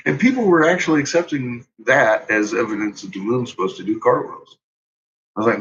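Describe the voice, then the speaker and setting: A man's voice: mid-range voice, expressive, brisk, fairly bright tone, husky. A man ranting casually and with exasperation, swearing often and laughing at his own points. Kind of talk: profane casual rant. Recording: dull lo-fi recording.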